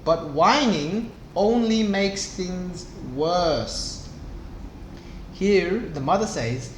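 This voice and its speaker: A young man who teaches English, reading a storybook aloud slowly and clearly to children. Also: sits high, lively intonation. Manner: slow and clear, with small voices for the book's characters. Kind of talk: slow read-aloud lesson for kids. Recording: echoey room, faint background noise.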